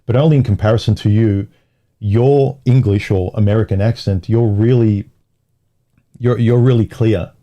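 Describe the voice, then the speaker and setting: A man's voice: on the low side, steady tone, normal speed, dull audio. A man hosting a casual livestream, talking in loose, rambling phrases with frequent restarts. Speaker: livestream host.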